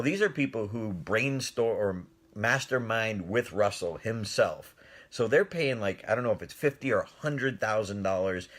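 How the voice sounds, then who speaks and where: A middle-aged man with a fairly low-pitched voice tells a personal story on a live stream. He keeps it casual and animated, laughing often and answering comments from viewers.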